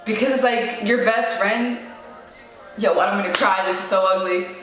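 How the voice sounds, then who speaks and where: A woman's voice: medium pitch, measured pace, a bit bright. A young woman sharing a painful personal story in casual, slangy talk full of "like" and "yo". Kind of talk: emotional personal testimony. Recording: very echoey room with faint music.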